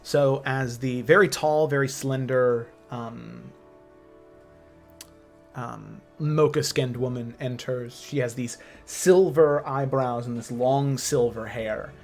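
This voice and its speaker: A man narrates a tabletop game as game master, painting scenes unhurriedly and pausing on frequent fillers. His voice sits at a middle pitch. Faint music plays underneath. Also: creaky, a little mellow. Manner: descriptive, unhurried, many fillers.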